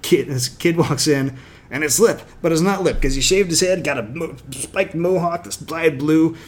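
A man's voice: fairly high pitch, normal speed. A man casually retelling scenes from a show in an emphatic, irreverent way, slipping into acted quotes of the characters.

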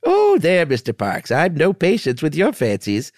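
A man doing a shrill scolding old housekeeper. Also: wildly swooping pitch, moderate pace, dry recording, clean studio sound. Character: fussy older female housekeeper, scolding. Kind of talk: reading a story aloud with voices.

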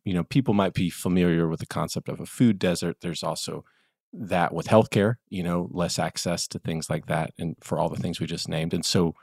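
A man's voice: low voice, creaky, husky, dry recording, clean studio sound. A man with a Southern US accent co-hosting a podcast, explaining earnestly and chuckling now and then. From American South. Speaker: podcast co-host. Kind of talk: casual discussion podcast.

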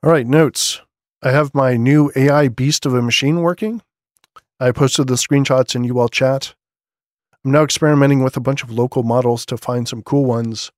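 A man's voice: mid-range voice, fairly even intonation, moderate pace, no echo. A man hosting a podcast, running through tech news items in a loose, conversational way with asides, recorded on a studio condenser microphone. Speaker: podcast host. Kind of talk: casual newsletter-style tech commentary.

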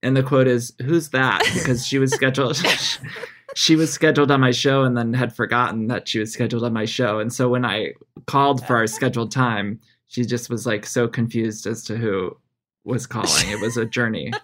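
Guy guesting on a podcast, chatty, jokes about himself, middle pitch. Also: fairly quick, fairly bright tone. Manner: chatty, self-deprecating storyteller. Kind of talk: casual chat.

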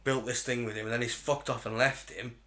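A man's voice: medium pitch, steady tone, a little fast, pushed and bright. A man co-hosting a podcast, chatting casually with short agreeing replies and musing questions. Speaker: podcast co-host. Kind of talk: casual chat.

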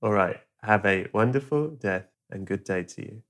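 A man hosting a podcast, telling a deadpan, sweary comic story and acting out characters in a hushed voice. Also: lowish voice, moderate pace. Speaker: podcast host.

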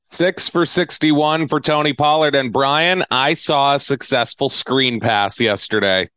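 A man's voice: mid-range voice, measured pace, bright, forceful tone, clean tone, no echo. A man hosting a casual football podcast, teasing his co-host in a playful way. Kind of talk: casual sports talk.

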